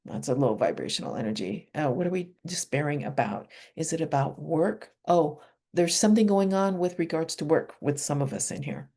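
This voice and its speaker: A woman leading a guided energy healing session over a video call, speaking slow affirmations softly and asking questions aloud as she works through a chart. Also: sits low. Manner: calm, slow affirmations with soft whispered repeats; asks herself questions aloud while dowsing a chart.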